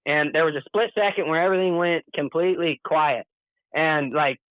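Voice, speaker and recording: A man tells a story as an interview guest, earnest and plain-spoken, his voice sitting a bit high. The sound is thin and phone-like, and very dry with no room around it. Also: moderate pace, dry recording. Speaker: podcast guest.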